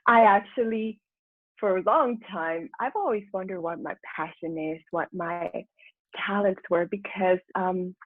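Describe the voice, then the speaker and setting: A woman with a husky, breathy voice tells her story chattily on a remote call, quick to laugh and voicing her own old thoughts aloud. The sound is thin and phone-like, bone dry with no room around it. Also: mid-range voice, no room sound. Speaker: guest, personal transformation mentor. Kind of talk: candid storytelling interview.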